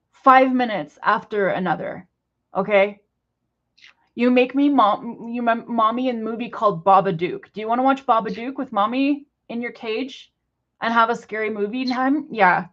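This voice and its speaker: Indoors in her apartment, a young woman scolds her pet bird over and over, lecturing in simple, broken phrasing and sounding exasperated. Her voice is fairly high and a bit bright, and the recording has the highs cut off.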